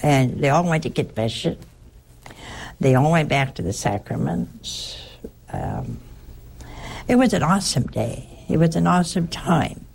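A woman's voice: deep voice, wildly swooping pitch, a little slow, gravelly, long pauses, darkish tone. An older woman, a nun, telling a personal story in a rambling, conversational way. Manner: rambling, conversational, with frequent restarts.

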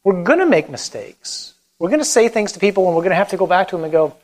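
A Catholic priest with a high-sitting, rapid male voice gives a conversational talk on evangelization and then leads a closing prayer. He is animated, acting out quotes as he preaches. The recording is rough.

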